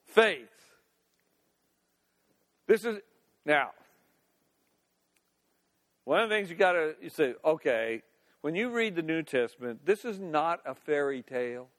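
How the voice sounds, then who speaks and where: Male pastor, folksy sermon delivery, fairly high voice, reverberant sanctuary. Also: big pitch swings, a little slow, pauses often. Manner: folksy, with playful asides and laughter. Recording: long reverb of a church hall.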